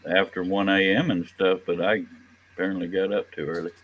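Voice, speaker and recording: Casting: low-voiced man, casual stream host, tired and offhand, faint hiss behind. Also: level tone, a little fast, fairly bright tone, poor audio. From Texas. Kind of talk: casual chat. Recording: faint background noise.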